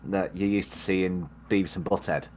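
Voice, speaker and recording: A man's voice: sits low, fairly even intonation, brisk, narrow, tinny audio. A man chatting playfully on a stream call, often teasing the others. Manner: playful and teasing, jokes around. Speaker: guest on a stream chat. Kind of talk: casual stream chat.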